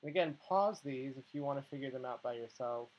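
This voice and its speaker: A man walks students through a biology problem at a steady middle pitch. He explains patiently, step by step, and keeps checking in with short asides. The recording sounds a little dull and lo-fi. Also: quick pace, slight background noise. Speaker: biology instructor. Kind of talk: tutorial walkthrough.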